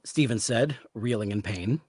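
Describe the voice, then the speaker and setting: A man reading the narration of a story aloud at a live reading, in a steady storytelling manner. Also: lowish voice, normal speed, slightly rough, no echo. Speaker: reader, narrator.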